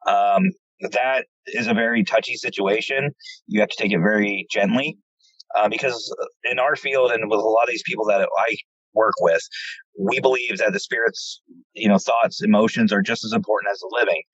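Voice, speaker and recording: Husky-voiced man telling ghost stories. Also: lowish voice, moderate pace, no echo. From central Pennsylvania. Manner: animated storyteller, acts out quoted dialogue, repeats words. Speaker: paranormal investigator guest. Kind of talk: casual interview storytelling. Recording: dull lo-fi dry audio.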